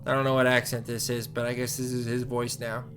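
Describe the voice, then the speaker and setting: A man streaming a horror game, giving casual commentary with excitable outbursts between laid-back remarks. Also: mid-range voice, fairly quick, background noise. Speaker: gaming streamer.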